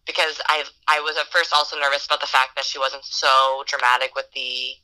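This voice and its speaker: A person chatting casually about films, enthusiastic, with halting restarts and many "like" fillers. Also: mid-range voice, monotone, sharp tone, low-quality recording. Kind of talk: casual film chat.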